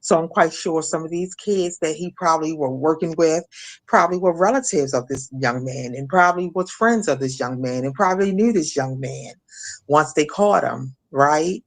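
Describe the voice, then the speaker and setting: A middle-aged woman from Maryland recounting a personal ordeal as an interview guest, halting with many restarts and fillers. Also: low voice. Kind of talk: emotional personal testimony.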